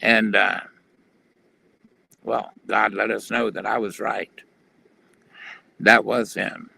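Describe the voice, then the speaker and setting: Man, gravelly, bright edge, earnest testimony, plain-spoken, video call. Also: lowish voice, little pitch movement, slow pace. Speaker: guest telling his testimony.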